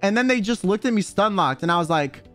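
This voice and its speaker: A man telling an animated, slang-filled story in casual chat, swearing freely and acting out what people said. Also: high-pitched, quick pace, soft background music. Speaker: streamer guest telling a story.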